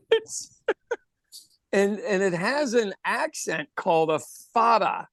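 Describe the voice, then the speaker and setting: A man's voice: high voice, big pitch swings, slow, fairly bright tone, dry recording. Chatty man with a dry close sound. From Ireland. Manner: laughs often, repeats words when starting. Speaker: podcast co-host. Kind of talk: casual chat.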